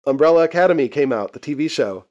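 A man's voice: a little high, lively intonation, quick pace, darkish tone, lo-fi sound. A young man co-hosting a podcast, casually recapping a TV episode, laughing often and swearing freely. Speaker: podcast co-host. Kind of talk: casual chat recapping a TV show.

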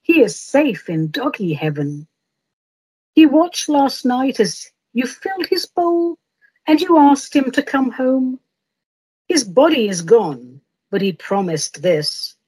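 A woman's voice: sits high, sing-song, slow, heavily acted, low-quality recording. A woman voicing a kindly old male medium who speaks in soothing, sweet tones.

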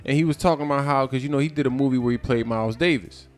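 Man co-host, mid-pitched, rambling casual talker who restarts sentences and heats up. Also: racing, faint music behind. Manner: rambling, many restarts, grows animated. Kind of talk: casual discussion.

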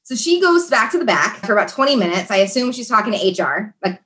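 A woman telling a story in a chatty, animated way, as a guest in a conversation. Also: on the high side, fast. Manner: animated, chatty, many fillers. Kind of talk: casual storytelling.

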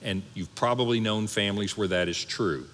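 Man, pastor, sermon, animated, bright forceful voice, long reverb. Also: fairly low pitch, normal speed. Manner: animated, conversational preaching with asides.

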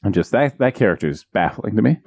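A man casually retelling a fairy tale with jokes, rambling and slipping into quick character voices. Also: on the low side, lively intonation, gravelly, darkish tone, husky, dry recording. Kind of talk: casual comedic chat.

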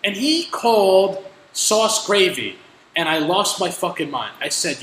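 A young man hosting a casual chat, telling animated stories with plenty of swearing. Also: sits high, unhurried. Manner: animated storytelling, heavy swearing. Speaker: podcast host. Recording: echoey room, faint noise.

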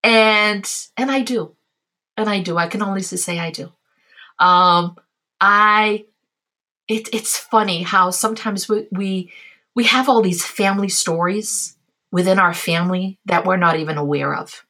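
A woman from the Azores, a cookbook author, talking as an interview guest in a casual, animated and heartfelt way. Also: mid-range voice, a little slow. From Azores, Portugal. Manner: animated, heartfelt, acts out voices in her anecdotes.

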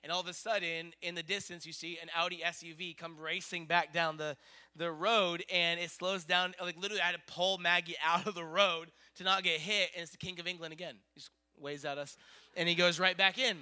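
A middle-aged man preaching, telling a story in an animated, excitable way. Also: high voice, fairly quick, clean tone. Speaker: pastor. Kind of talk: sermon storytelling.

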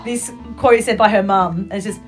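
A woman's voice: mid-range voice, steady tone, brisk. Woman, chatty podcast host, laughs often, faint music behind. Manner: chatty, laughs often, reads quotes in put-on voices. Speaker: podcast host running a quote game. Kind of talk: casual chat.

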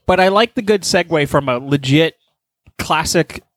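Kinda high-voiced guy rambling on a podcast, swears a lot, really bouncy pitch, dry room. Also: moderate pace, no echo. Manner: rambling, profane, animated storytelling. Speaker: podcast host. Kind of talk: casual chat.

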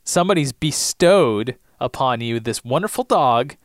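A man's voice: mid-range voice, expressive, measured pace, dry recording, studio quality. A man co-hosting a podcast, casually recapping TV episodes with a joking, playful manner. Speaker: podcast co-host.

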